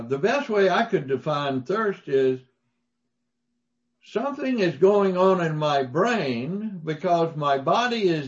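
A man's voice: a little high, muffled recording. A man preaching a sermon, telling folksy stories with emphatic rises. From Mississippi, US. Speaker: pastor.

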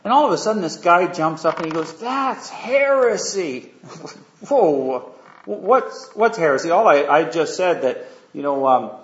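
Preaching in a casual, conversational style, this man talks briskly with hardly any pauses in a voice pitched a little high. He tells a story, frequently asks his audience questions, and fills his speech with fillers. The sound is dull and lo-fi, with an echoey room around him.

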